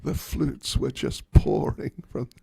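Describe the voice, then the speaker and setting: A man, a spiritual teacher, telling a story in a class, animated and wryly humorous. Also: mid-range voice, takes it slowly, vocal fry, breathy edge, no echo, studio quality.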